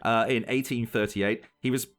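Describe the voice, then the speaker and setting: A young man co-hosts a casual podcast and tells stories with lively energy. He breaks into laughter often between points. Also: mid-range voice, normal speed. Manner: laughs often, animated storytelling. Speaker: podcast co-host. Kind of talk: casual chat.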